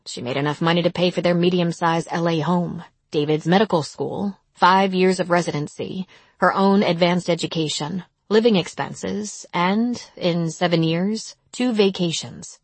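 A woman narrates a story in a measured, somber manner. Her voice is husky and sits low, and the recording is dry and close. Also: no echo. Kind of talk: audiobook narration.

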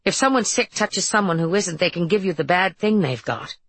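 A woman's voice: on the low side, expressive, a little fast, a bit bright, breathy edge, no room sound. A woman voicing a stern, scolding woman. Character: stern wary woman, strict about parenting. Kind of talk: audiobook character voice.

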